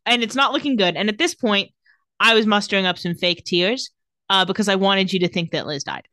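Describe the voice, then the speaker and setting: A woman's voice: mid-range voice, brisk, dry recording, clean studio sound. A woman casually recapping a TV episode scene by scene, acting out the characters' lines as she goes. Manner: animated storytelling, quoting characters. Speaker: podcast co-host recapping a TV episode.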